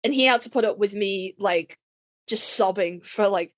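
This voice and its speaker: A woman's voice: mid-range voice, normal speed. A woman co-hosting a podcast, talking casually, emphatic and swearing freely. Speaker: podcast co-host. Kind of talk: casual chat.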